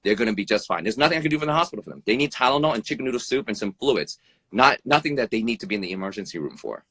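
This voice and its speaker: A man who is an emergency room doctor rattles off blunt advice at speed, with a bright, slightly husky voice. He swears freely and keeps asking "right?", and his pitch swings up and down. The sound is dry and close, like a phone on a live video call. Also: very fast, dry recording. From United States. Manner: animated, pitch jumps up and down. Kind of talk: interview over a live video stream. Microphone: phone or video call mic.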